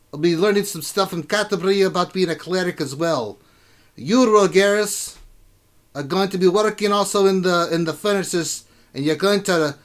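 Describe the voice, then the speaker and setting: A man voicing a gruff, loud old dwarf king in a tabletop game. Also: high voice, voice pushed up. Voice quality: gruff, shouting.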